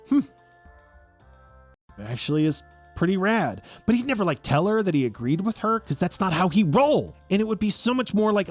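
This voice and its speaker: A young man giving opinionated commentary as a video essay host. He is animated, profane and sarcastic, and acts out quotes. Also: sits high.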